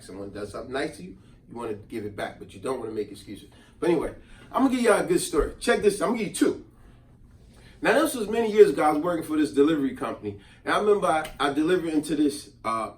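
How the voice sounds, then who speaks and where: A middle-aged man telling a casual story, animated and acting out the people in it. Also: a little high. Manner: animated, acts out voices in quotes. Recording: roomy and distant from the mic.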